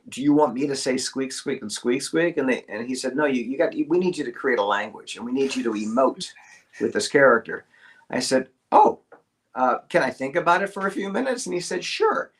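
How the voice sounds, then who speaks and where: A middle-aged man, a guest voice actor, telling a casual anecdote over a video call and acting out the quotes and squeaks. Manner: animated storyteller, acts out quotes and squeaks.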